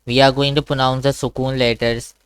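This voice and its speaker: A man's voice: mid-range voice, level tone, fairly quick, clear, resonant tone, no echo. A man teaching Quran reading in an online one-to-one class over a video call, patiently repeating sounds and checking understanding.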